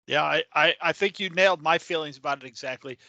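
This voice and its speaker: High bright-voiced man in sports chat. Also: fast, gravelly, no echo, muffled recording. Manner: emphatic, repeats words when worked up. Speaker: podcast co-host. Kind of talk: casual sports podcast chat.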